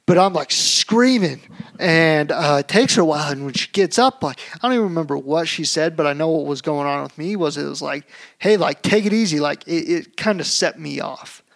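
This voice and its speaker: Young male podcast co-host, gravelly, slightly high, animated storyteller. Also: a little fast. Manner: animated storytelling, acts out shouting. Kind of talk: casual chat.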